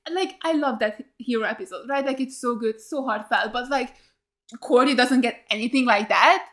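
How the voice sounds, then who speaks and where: High-voiced excitable woman reacting. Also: moderate pace. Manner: excitable, blunt, heavy swearing; gasps and laughs in surprise. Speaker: reaction video host. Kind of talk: casual TV reaction commentary.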